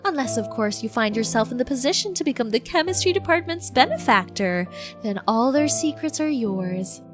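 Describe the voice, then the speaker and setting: A woman's voice: on the high side, lively intonation, normal speed, natural voice. A woman voicing a young female academic who is reserved, dry, and slyly teasing, in a visual novel read-aloud. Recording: background music playing.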